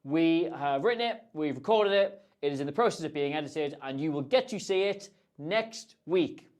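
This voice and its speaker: A man's voice: on the high side, animated, moderate pace, a little mellow. A man hosting a casual livestream, answering viewer questions in a chatty, rambling, self-deprecating way. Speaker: host.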